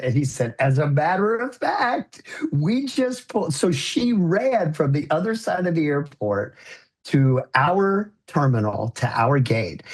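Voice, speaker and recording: Husky guy guest on a faith podcast, earnest storyteller, laughs a bit. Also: a little high. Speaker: guest, illusionist and educator. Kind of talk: conversational interview storytelling.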